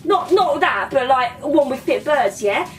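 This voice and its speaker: Woman doing a cocky lad, high voice jumping all over, bit off mic. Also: lively intonation, measured pace, distant mic. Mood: crude rambling. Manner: rambling, crude, keeps tagging "yeah?" and "mate". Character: cocky young male London lad, crude and boastful. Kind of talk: character comedy podcast.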